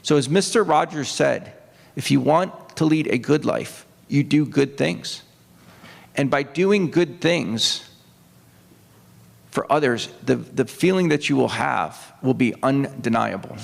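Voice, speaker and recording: Gravelly older man telling a story. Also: medium pitch, lively intonation, takes it slowly. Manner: earnest, emotional storytelling, rises into acted quotes. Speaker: retired naval officer speaking at a book event. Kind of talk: personal storytelling talk. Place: opera house stage. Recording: long hall reverb.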